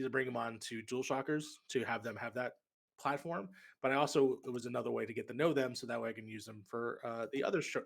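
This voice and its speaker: A man's voice: mid-range voice, vocal fry. A man talking as a podcast guest in casual chat, rambling and correcting himself as he goes.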